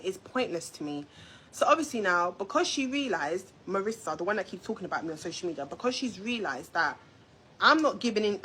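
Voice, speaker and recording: A young woman rants on a live stream, talking straight at her viewers with loud, confrontational energy. Her pitch sits in an ordinary middle range, and a faint hiss of background noise runs under the phone-mic sound. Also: low-quality recording. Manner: animated, confrontational, addresses viewers directly. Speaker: YouTube storyteller. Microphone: phone or webcam on a live stream.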